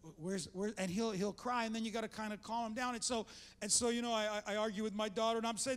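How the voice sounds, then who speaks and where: A man's voice: high voice, steady tone, fast, smooth. An older man preaching a sermon as pastor, fervent and conversational, calling out to the congregation and often restarting his sentences. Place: church sanctuary. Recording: long reverb of a large church hall.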